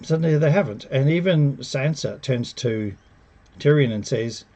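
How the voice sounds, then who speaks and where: A man giving a casual, sarcastic spoken review, animated and mocking the characters as he retells scenes. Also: medium pitch, moderate pace, vocal fry, husky. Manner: animated, sarcastic, mocks characters with put-on quotes. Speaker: TV show reviewer.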